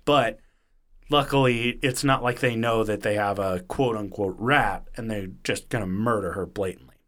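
A podcast host with a fairly low voice retells a story casually at a moderate pace. He's animated, swears, and acts out quotes in different voices.

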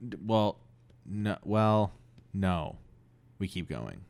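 A young man co-hosting a casual improv podcast, rambling and playful, often trailing off quietly. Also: deep voice, very animated, takes it slowly, gravelly, no room sound. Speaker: podcast co-host.

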